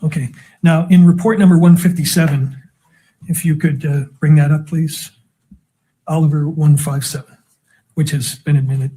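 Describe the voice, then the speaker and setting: A man's voice: fairly high pitch, steady tone, normal speed, pauses often, mellow, slightly rough. Methodical man questioning in court. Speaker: defense attorney. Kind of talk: courtroom cross-examination.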